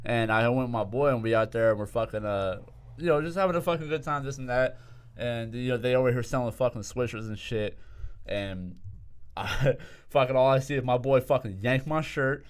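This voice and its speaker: A man's voice: mid-range voice, fairly quick, smooth. A man co-hosting a podcast, telling a story in crude casual banter, laid-back and laughing as he swears. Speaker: podcast co-host.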